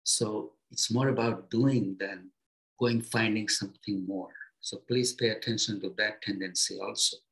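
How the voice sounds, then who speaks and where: Unhurried man giving a spiritual talk. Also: lowish voice, steady tone, poor audio. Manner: gentle, unhurried, speaks in short phrases with pauses; simple everyday comparisons, encouraging tone. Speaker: spiritual teacher.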